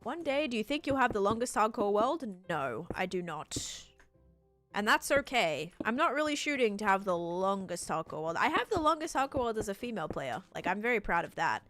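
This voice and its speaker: A woman's voice: medium pitch, sing-song, a little fast, fairly bright tone, faint music behind. Chatty Australian woman livestreaming. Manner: rambling, chatty, heavy use of "like". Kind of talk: casual chat while gaming live.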